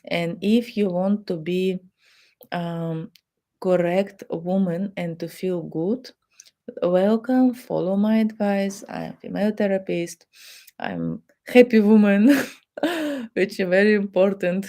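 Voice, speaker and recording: A woman's voice: mid-range voice, animated, takes it slowly, warm tone. A woman with a Russian accent, a therapist giving relationship advice in simple non-native English. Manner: non-native English with simple grammar, acts out quoted dialogue. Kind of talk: advice talk to the camera.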